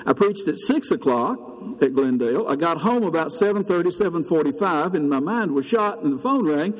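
A man's voice: animated, fairly quick, slight background noise. An older man, preaching a sermon as pastor, telling a story in an earnest way. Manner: storytelling, earnest, rises high when preaching. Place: church sanctuary. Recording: long reverb of a church hall.

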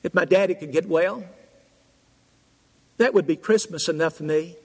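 A man's voice: on the high side, normal speed, slightly rough. A man doing a stammering poor little boy. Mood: pleading. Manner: stammering, pleading. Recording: long hall reverb.

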